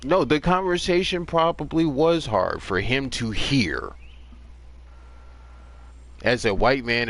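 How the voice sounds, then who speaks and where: A man's voice: mid-range voice, big pitch swings, a little slow, fairly bright tone. A man in his thirties ranting bluntly and sarcastically during a casual gaming livestream, with plenty of profanity. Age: 30s.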